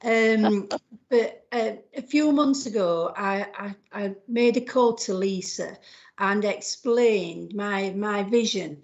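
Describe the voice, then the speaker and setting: A woman's voice: mid-range voice, slow pace, darkish tone. A woman council officer introducing a policy presentation at a board meeting, informal and a little rambling. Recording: slightly muffled livestream audio.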